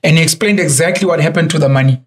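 A man's voice: on the high side, racing. A young South African man, a podcast guest and entrepreneur, telling stories casually and acting out the people he quotes. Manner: animated storyteller who acts out quoted voices.

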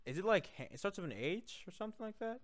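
A man hosting casual gameplay commentary, panicking and shouting during fights, mumbling when calm. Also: sits high, fast talker. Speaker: gaming channel host.

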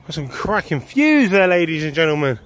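A man's voice: fairly high pitch, very animated, moderate pace, a bit bright. A man vlogging a day out at a wildlife park, chatty and enthusiastic, out of breath from walking, recorded on a handheld camera outdoors. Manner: chatty, enthusiastic, sometimes sings to himself. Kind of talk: casual vlog narration.

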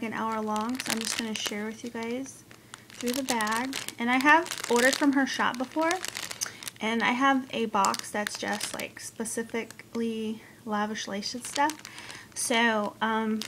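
A woman's voice: on the high side, noisy background. Gushing woman unboxing craft goodies. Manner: gushing, excitable, squeals and gasps. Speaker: craft vlogger. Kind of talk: casual unboxing chat.

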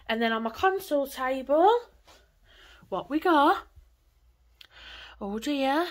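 A woman's voice: high-pitched, expressive, takes it slowly. A woman, chatting casually and rambling on in a home vlog from her living room. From England. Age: 20s. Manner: chatty, rambling, swears lightly. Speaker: vlogger.

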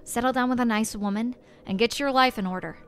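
A woman's voice: on the high side, a little fast, a bit bright, clear, resonant tone, soft background music, lightly acted. A woman reading the lines of a worried, nagging middle-aged mother in a visual novel, in her own plain voice. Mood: disapproving. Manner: plain reading, no accent attempted.

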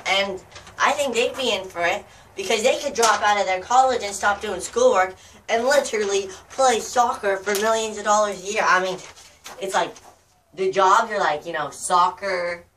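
A woman's voice: mid-range voice, background noise. A woman from the United States vlogging outdoors in a casual, rambling way, joking and getting sidetracked as she greets her viewers. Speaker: YouTuber addressing viewers. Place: outdoors in the cold. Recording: distant mic with faint outdoor ambience.

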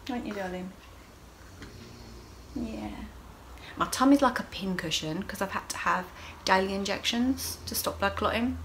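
A woman's voice: medium pitch, normal speed, hardly any pauses, a bit bright, a little hiss or hum. A middle-aged woman talking openly and emotionally in a casual video diary, laughing often. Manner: open, emotional, chatty with frequent laughs. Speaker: vlogger.

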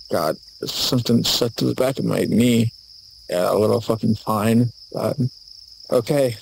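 At night in a forest, a video creator talks into a handheld camera, rambling nervously, stammering and swearing through a mock apology for a horror comedy short. His voice is mid-range and slightly mellow. Faint crickets and insects sound behind him, and the low-quality recording has a bit of hiss or hum.

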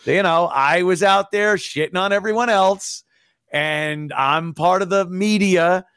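Guesting on a podcast, a middle-aged ex-radio host chats wryly and profanely, laughing frequently. He speaks at a measured pace in a high-pitched, smooth voice with a fairly bright tone, recorded in clean studio sound with no room ambience.

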